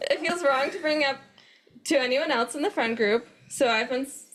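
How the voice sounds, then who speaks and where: A woman co-hosting a podcast, reading forum posts aloud with an animated, laughing manner. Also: high-pitched, moderate pace, a little hiss or hum. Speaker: co-host.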